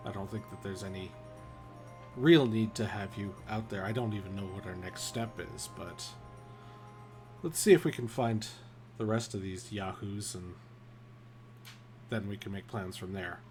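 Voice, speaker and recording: A man playing in a tabletop game, speaking in character in a relaxed, hesitant way. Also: on the low side, normal speed, pauses often, faint music behind. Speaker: player. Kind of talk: casual in-character play.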